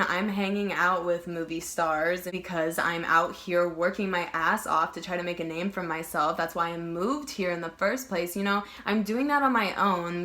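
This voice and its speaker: A woman's voice: lowish voice, bright, forceful tone. Heated young woman telling a story. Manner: emphatic, heated, swearing, many fillers of "like". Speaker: vlogger. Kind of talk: casual storytime monologue.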